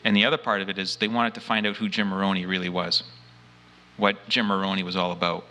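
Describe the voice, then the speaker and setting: Sharp-voiced man telling his story earnestly. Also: deep voice, flat delivery, fast. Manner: acts out his own quoted lines. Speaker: abduction experiencer. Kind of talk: first-person testimony.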